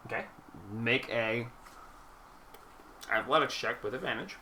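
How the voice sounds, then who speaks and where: A man's voice: mid-range voice, expressive, measured pace, pushed and bright, slight background noise. A man narrating as game master, giving dry, matter-of-fact rulings, recorded in a roomy space from a distance.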